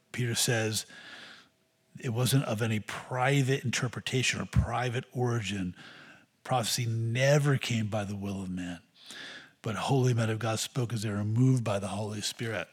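A man's voice: fairly low pitch, moderate pace, slightly rough. A man preaching an expository sermon, teaching steadily through Scripture and rising into emphatic bursts.

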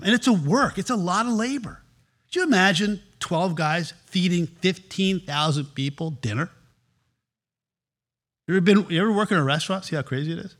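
Man, pastor, sermon, animated preaching, slightly high voice. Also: quick pace, slightly rough.

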